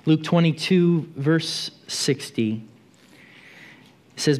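A man's voice: on the high side, measured pace. A man preaching a sermon in a church, telling the story vividly and often repeating words as he goes.

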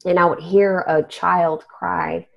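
A woman's voice: on the low side, flat delivery, slow, creaky. A young adult woman hosting a podcast, telling a spooky story in casual chat. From Texas. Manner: storytelling, trailing off. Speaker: podcast host. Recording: dull lo-fi recording.

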